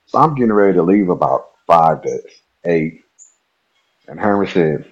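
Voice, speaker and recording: A man from Nebraska, a podcast guest, telling a personal story in a relaxed, chatty way and laughing at himself. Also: low-pitched, moderate pace, long pauses, husky, highs cut off. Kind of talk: casual storytelling.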